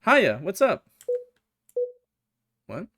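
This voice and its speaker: A man streaming a game, reading the characters' lines aloud in put-on higher voices between joking and swearing. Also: huge pitch swings, drawn-out words, a bit bright, a little hiss or hum. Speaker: gaming streamer. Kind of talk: let's play with voiced dialogue reading. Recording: music playing behind the voice. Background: game music.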